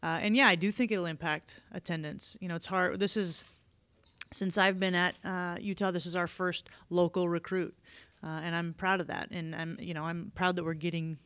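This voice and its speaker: A woman head coach answering reporters at a media day podium, candid and relaxed, with plenty of fillers. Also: lowish voice, no room sound. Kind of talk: press conference answers.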